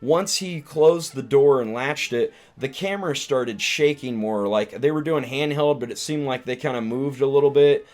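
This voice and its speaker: A man's voice: medium pitch, normal speed, hardly any pauses, darkish tone. Rambling man recapping a film casually. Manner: rambling, meandering retelling with frequent restarts. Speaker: streamer and comedian reviewing a film.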